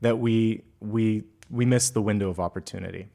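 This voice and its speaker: A man who works as a tarot reader and medium, giving an earnest, gently encouraging monthly forecast with pauses and fillers. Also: on the low side, fairly even intonation, creaky.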